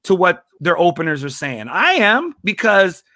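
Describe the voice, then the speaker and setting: A man, a comedian and talk show guest, telling a story in an energetic, excitable way with quick restarts. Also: sits high, dry recording, clean studio sound.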